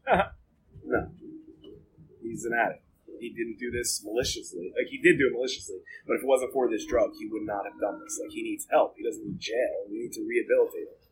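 A man's voice: mid-range voice, steady tone, quick pace, slight background noise, poor audio. A man being interviewed, telling his own story in a blunt, profane, rambling way with lots of filler words. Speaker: interview guest. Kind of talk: candid storytelling about jail and addiction.

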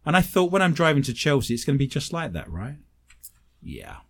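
Speaking fairly quickly in a fairly high voice, a British man appears on a talk show as a paranormal investigator and medium. He tells casual stories in an animated, self-deprecating style.

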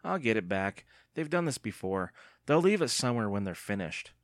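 A man's voice: on the low side, very animated, normal speed, no echo, studio quality. A man voicing a feisty, tough young girl who talks bluntly and scornfully. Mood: disgusted.

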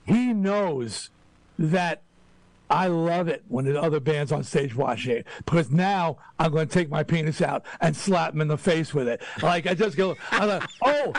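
High-pitched rock guy bragging hard, all fired up, dry close sound. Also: moderate pace, no room sound. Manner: boastful, fired-up, emphatic. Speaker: rock band musician. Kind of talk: casual podcast conversation.

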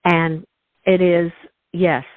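A woman's voice: fairly low pitch, little pitch movement, takes it slowly, dry recording. A woman hosting a podcast interview, effusive and emotional, often restarting her sentences. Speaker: host. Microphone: call. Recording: tinny phone line.

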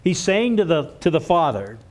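Pastor guy preaching, kinda high voice, earnest, lots of restarts. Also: very animated, moderate pace. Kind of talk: sermon. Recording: church sermon recording.

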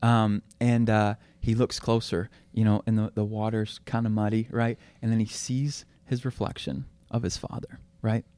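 Young man, guest on a faith chat show, earnest storyteller, smooth tone, close and dry. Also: fairly low pitch, moderate pace, hardly any pauses, dry recording. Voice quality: relaxed, filler-heavy, earnest.

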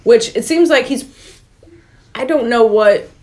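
A woman's voice: a little high, measured pace, a little mellow. A woman co-hosting a podcast, recapping a movie plot in casual chat and getting exasperated when she is interrupted. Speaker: podcast co-host.

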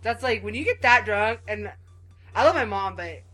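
A woman in her thirties chats casually and animatedly, dropping "like" into most sentences. Her voice sits at a middling pitch. Soft music plays faintly in the background. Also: normal speed. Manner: chatty and animated, with lots of "like" fillers. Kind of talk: casual chat.

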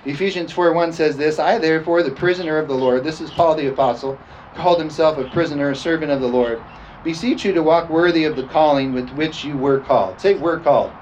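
A man's voice: fairly high pitch, fairly quick, a little mellow. A middle-aged man preaching a sermon, repeatedly asking his listeners for an "amen" and laughing often between points. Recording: dull lo-fi sound with faint noise.

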